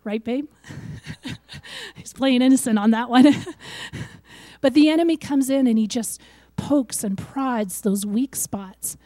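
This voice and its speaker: An older woman giving a sermon, lively and acting out the voices she quotes. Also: on the high side, takes it slowly, pauses often, dry recording. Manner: animated, acts out quoted voices. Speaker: preacher.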